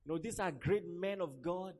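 Preaching a sermon, this young man brings his stories to life by performing the characters' voices. His voice sits high and he talks at an ordinary speed.

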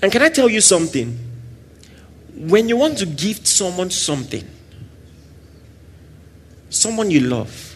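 A man preaching a sermon, swinging between loud exclamations and soft asides and acting out little scenes. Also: sits high, very animated, a little slow, pauses often, slight background noise. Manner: acts out little scenes with quoted voices and laughter.

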